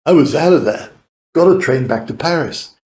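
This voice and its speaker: A man's voice: on the high side, animated, moderate pace, a little mellow, roomy sound. A man in his eighties with a British accent, telling long rambling stories as a podcast guest, laughing often and swearing casually. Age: 80s. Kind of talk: rambling anecdotal storytelling.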